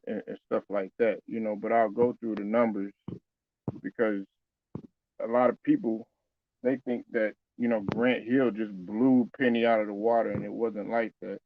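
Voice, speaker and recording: Over tinny audio with slight background noise, a man with a lowish, narrow voice talks basketball casually. This sports commentator's opinion talk is loose and conversational, full of fillers and restarts.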